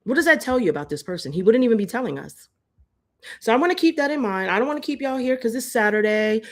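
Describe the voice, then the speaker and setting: A woman's voice: a little high, sing-song, quick pace. A woman hosting a live-stream commentary, heated and profane, hammering her points with repeated rhetorical jabs into a phone. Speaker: host.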